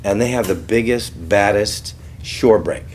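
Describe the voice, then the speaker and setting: A man's voice: on the low side, a little slow, darkish tone, a little hiss or hum. A man in his sixties from California, a guest on a talk show, telling self-deprecating anecdotes and teasing the host. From California, USA. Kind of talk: casual storytelling interview.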